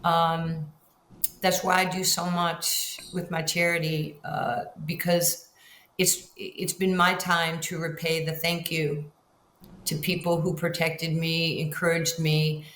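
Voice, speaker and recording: A woman in her sixties from New York, a guest on a storytelling interview, speaks slowly in a low voice and animatedly acts out the voices she quotes. The recording has a roomy echo, faint ambience, and a little hiss or hum.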